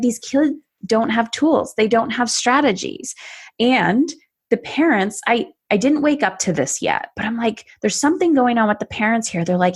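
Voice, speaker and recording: Animated woman telling her story. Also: medium pitch, husky. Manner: animated, acts out her past self and others in quoted asides. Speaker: podcast guest. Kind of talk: personal storytelling in a conversation.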